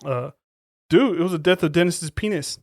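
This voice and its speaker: A man's voice: a little high, moderate pace, dry recording, clean studio sound. A man co-hosting a podcast in casual chat, swearing a lot and acting out lines as he retells scenes. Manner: profane, animated storytelling, acts out quotes. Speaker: podcast co-host.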